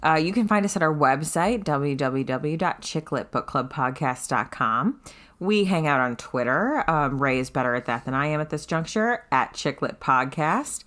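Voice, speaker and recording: A woman's voice: sits low, animated, moderate pace, fairly bright tone. A woman co-hosting a casual book podcast, wry and bantering as she chats. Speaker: podcast co-host. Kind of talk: casual chat.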